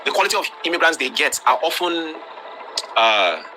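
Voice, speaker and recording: A man with a Nigerian accent hosting an online class, lecturing students bluntly and forcefully, with lots of rhetorical questions. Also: on the high side, big pitch swings, moderate pace, noisy background. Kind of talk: live-streamed talk to students.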